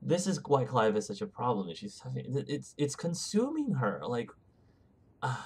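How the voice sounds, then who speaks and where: A man's voice: medium pitch, sing-song, moderate pace, vocal fry, darkish tone, slightly rough. A man hosting a let's play, chatting casually and correcting himself as he goes. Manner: rambling, self-correcting, chatty. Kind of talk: casual gameplay commentary.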